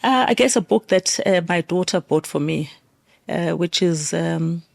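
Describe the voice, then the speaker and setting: A woman's voice: fairly low pitch, animated, unhurried, gravelly. A woman from South Africa, a guest in a casual interview conversation, who talks with many fillers and restarts.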